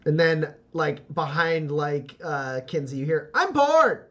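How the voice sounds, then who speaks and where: A man narrating a tabletop game as game master in a halting way, with many fillers. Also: fairly high pitch, flat delivery, muffled recording.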